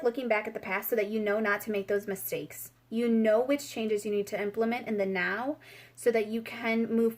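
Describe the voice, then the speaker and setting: A young woman giving a casual, rambling spiritual tarot reading, chatty with lots of fillers and giggles. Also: on the high side. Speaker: tarot reader.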